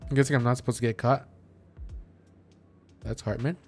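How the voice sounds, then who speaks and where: A man's voice: medium pitch, steady tone, moderate pace, darkish tone, faint music behind. A man streaming a video game, casually commenting and reading the dialogue aloud. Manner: casual, playful, reads lines aloud.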